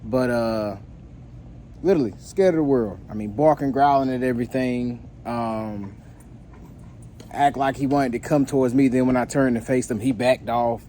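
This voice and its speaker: A man who works as a dog trainer talks casually to his viewers, recounting a story in a loose, meandering way with plenty of "um"s and restarts. His voice is mellow and mid-pitched, with a faint hiss under it. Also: normal speed. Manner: relaxed, rambling with many fillers and restarts.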